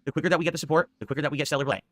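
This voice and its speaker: Rapid-fire man with a bright, dry voice. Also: on the high side, fairly even intonation, dry recording. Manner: explains insistently and repeats himself. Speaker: streamer. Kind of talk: stream monologue about donation goals.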